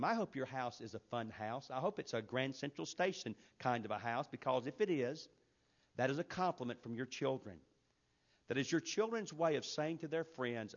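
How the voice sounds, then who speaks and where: A man preaching a sermon with emphatic delivery, shifting between loud, forceful passages and hushed, quiet ones. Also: medium pitch, animated, moderate pace, muffled recording. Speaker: pastor.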